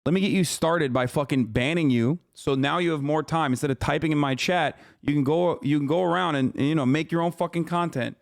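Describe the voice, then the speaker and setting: A man's voice: a little high, fairly quick, vocal fry, hardly any pauses, no room sound. A man in his thirties doing live-stream reaction commentary, ranting at his chat in a profane, combative way on a close streaming mic.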